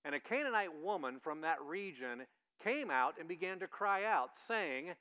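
A man with a fairly high, bright, ringing voice delivers a sermon as pastor. He keeps it conversational and keeps questioning the congregation. He acts out the people he quotes with loud shouts. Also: lively intonation, normal speed, clean tone.

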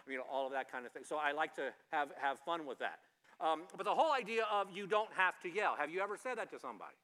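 A male pastor delivers a sermon in a bright, fairly high voice. He talks in a loose, conversational way, full of jokes, repeated words and restarts. The long reverb of a church hall trails behind him. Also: fast.

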